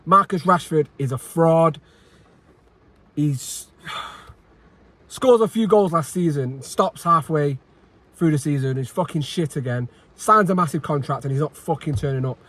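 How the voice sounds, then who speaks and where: A man's voice: on the high side, measured pace, fairly bright tone, dry recording. A man giving an angry post-match reaction, frustrated and sweary, repeating himself and sighing. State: agitated. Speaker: football fan channel host.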